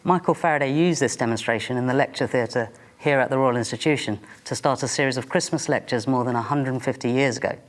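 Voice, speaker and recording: A man's voice: mid-range voice, fast, few pauses, no echo. A man, a science teacher presenting a documentary to camera in a chatty, informal and self-deprecating way. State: a bit out of breath. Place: outdoors on a mountain top.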